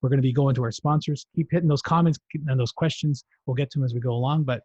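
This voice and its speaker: Husky-voiced man hosting a live show. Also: medium pitch, fast, darkish tone, no echo. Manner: chatty, rambling, with frequent fillers. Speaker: show host. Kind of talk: live-streamed interview show. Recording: dull, dry sound.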